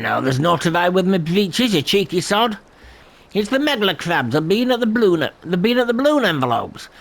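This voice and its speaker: A man voicing a gruff male airship worker in a game, with a rough working-class English accent and a grumbling, colloquial manner. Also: sits high, fairly bright tone, exaggerated voice.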